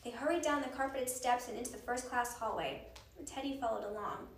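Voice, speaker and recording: A woman reads a children's chapter book aloud, gentle and expressive, with a fairly high voice. The room is echoey and she sounds a bit away from the mic, with a faint hiss underneath. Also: a little fast, distant mic. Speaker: reader.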